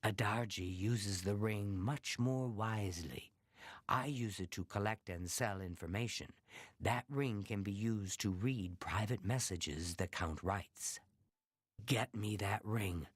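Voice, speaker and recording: A man's voice: lowish voice, slow pace, husky, dry recording, clean studio sound. A man voicing a scheming male lizard-folk thief in a video game who calls himself "this one".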